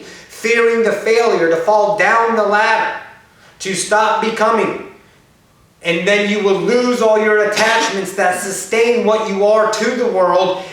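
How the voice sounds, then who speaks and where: A woman voicing a channeled otherworldly spirit, preaching in slow, repeated, incantatory fragments during a spiritual channeling session. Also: mid-range voice, natural voice. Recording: very echoey room, distant mic.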